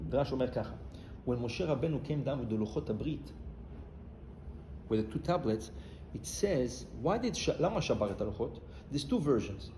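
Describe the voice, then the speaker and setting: Here a rabbi preaches at a racing pace, his male voice lively in pitch as he tells stories, mixes Hebrew with English, and lets out loud cries. Slight background noise sits beneath the faint ambience of a spacious hall.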